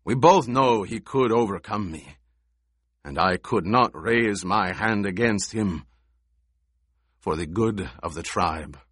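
A man voicing a stern older male desert tribal leader in an audiobook, speaking in a gruff growl. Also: fairly low pitch, slow, fairly bright tone, dry recording, studio quality, heavily acted.

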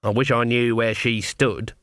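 A man's voice: medium pitch, fairly even intonation, measured pace, a bit bright, dry recording, clean studio sound, lightly acted. A man voicing a stern, blunt old witch woman in a storybook reading, speaking decisively.

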